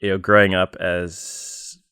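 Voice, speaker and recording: Guy with a really low smooth voice, just chatting on a podcast, lots of ums, dry sound. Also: level tone, bright, forceful tone, dry recording. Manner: plain, unhurried storytelling with many fillers. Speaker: podcast co-host. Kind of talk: casual chat.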